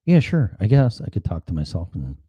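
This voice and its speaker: A man's voice: low voice, big pitch swings, a little fast, mellow, husky, dry recording. A man hosting a casual solo livestream, rambling and sarcastic, swearing freely and jumping from topic to topic. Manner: rambling, sarcastic, profane, jumps between topics. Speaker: podcast host.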